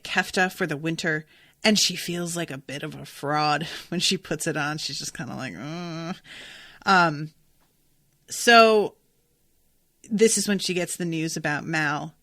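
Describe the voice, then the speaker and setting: A woman hosting a podcast, recapping a novel in a casual, animated, profane way. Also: lowish voice, no room sound, clean studio sound. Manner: chatty, profane, animated retelling. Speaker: podcast host recapping a book. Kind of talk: casual book recap with read-aloud passages.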